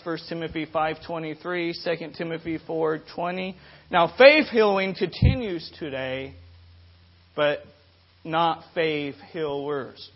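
High-voiced man preaching on a dull recording. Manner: animated storyteller, frequent restarts and repeated words. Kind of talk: sermon with storytelling.

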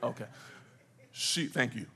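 A man's voice: medium pitch, expressive, unhurried, sharp tone. A middle-aged man preaching a sermon as a pastor in a church, asking the congregation questions and waiting for their answers. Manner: call-and-response preaching, asks the congregation questions. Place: church sanctuary.

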